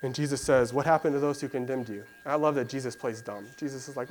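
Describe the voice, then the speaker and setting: A man's voice: medium pitch, fairly even intonation, fast talker, few pauses, a little mellow, a little hiss or hum, rough recording. A man preaching a sermon in a conversational, storytelling way, with "um" and "you know" fillers. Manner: conversational storytelling with fillers, acts out voices of biblical figures.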